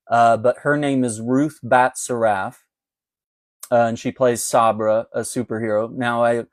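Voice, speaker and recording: Male commentator for a casual livestream chat, loose and laughing, mid pitch, dry close recording. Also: no room sound. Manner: chatty and conversational, laughs often. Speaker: political commentator.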